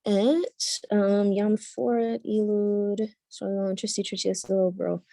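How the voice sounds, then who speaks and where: Slow-talking woman teaching Latin. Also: mid-range voice, fairly even intonation, vocal fry, warm tone, no echo. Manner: thinks aloud with frequent ums and self-corrections. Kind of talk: casual classroom lesson, translating line by line.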